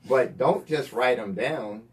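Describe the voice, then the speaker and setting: A man's voice: medium pitch, slow pace, far from the mic. A man co-hosting a faith-based radio talk show, giving motivational advice with many fillers. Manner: motivational, repeats himself with fillers.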